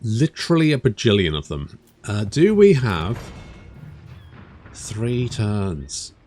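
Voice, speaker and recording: A man's voice: fairly low pitch, big pitch swings, slow pace, a little mellow. A man in his thirties giving let's play commentary, chatty, swearing and muttering to himself. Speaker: gaming channel host. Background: game music.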